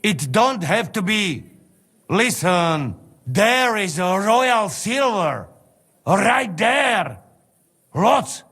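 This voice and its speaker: A man's voice: sits high, big pitch swings, extremely slow, fairly bright tone, husky, heavily acted. An actor playing a blunt male mercenary with a Slovak accent, speaking broken English in a game cutscene.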